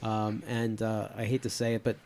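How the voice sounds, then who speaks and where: A man's voice: fairly low pitch, monotone, moderate pace, a little mellow. A man in his fifties hosting a podcast, chatting casually with lots of fillers and restarts. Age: 50s. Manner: rambling, many fillers and restarts. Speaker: podcast host. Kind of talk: casual chat.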